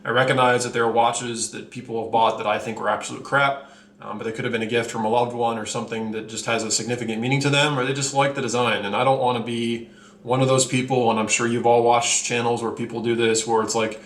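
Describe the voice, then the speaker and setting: A man's voice: medium pitch, little pitch movement, fast, fairly bright tone. A man hosting his own watch channel, talking candidly to camera with lots of fillers and running a little out of breath. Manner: candid, blunt, rambling with fillers. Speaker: channel host reviewing watches. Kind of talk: casual vlog talk to camera. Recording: echoey room, faint ambience.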